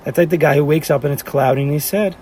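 A man leads a lively class and presses his point with one rhetorical question after another. His voice sits a little high for a man, with a faint hum of background noise around him. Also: quick pace. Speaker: teacher leading a class.

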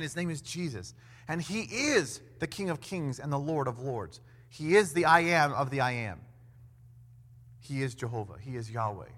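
A man preaching a sermon in an animated way, acting out quoted voices with big swings in loudness. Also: fairly high pitch. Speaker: pastor. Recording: long hall reverb.

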